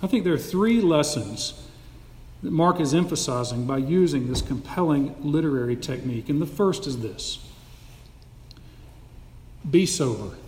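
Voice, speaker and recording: A man preaching an emphatic, animated sermon as a pastor, recorded in a church sanctuary. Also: fairly high pitch, moderate pace, a little hiss or hum. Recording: echoey hall with long reverb.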